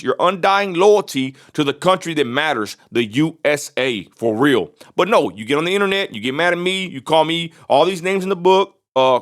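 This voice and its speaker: A man from Texas, ranting bluntly in a vlog and repeating himself for emphasis. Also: a little high. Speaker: vlogger.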